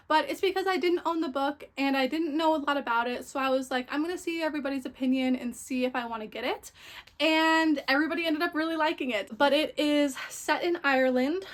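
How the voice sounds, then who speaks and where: A young woman chatting casually about a book haul, gushing and full of fillers. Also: sits high. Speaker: book vlogger.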